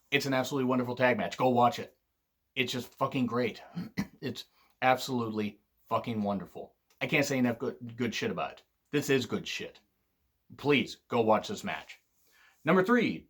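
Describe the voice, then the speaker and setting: A tired man hosting a casual wrestling countdown, rambling, swearing freely and often clearing his throat. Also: lowish voice, a bit bright. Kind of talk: casual spoken countdown commentary.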